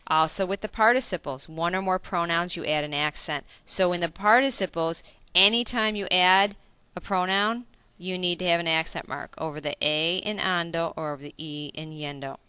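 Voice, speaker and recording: Bright, crisp woman teaching grammar. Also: fairly low pitch, moderate pace, few pauses, no echo. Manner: explains step by step with frequent self-corrections and check-in questions. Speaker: Spanish teacher. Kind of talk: recorded video lesson.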